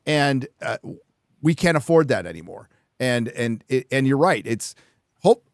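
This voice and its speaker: A man's voice: mid-range voice, sing-song, a little slow, no room sound, studio quality. A man hosting a casual chat podcast, speaking bluntly and emphatically and swearing freely. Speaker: podcast host.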